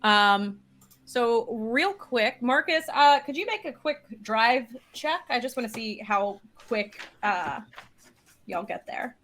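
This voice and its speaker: Bright-voiced woman running a game. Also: on the high side, slow pace. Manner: relaxed, upbeat, narrating with fillers. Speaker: game master.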